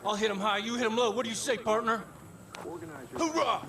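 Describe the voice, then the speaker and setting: An actor playing a desperate young rural pilot who swears often and swings between panic and cheer, in a video game cutscene. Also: male voice, high voice, brisk, sharp tone. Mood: boastful. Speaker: bush pilot.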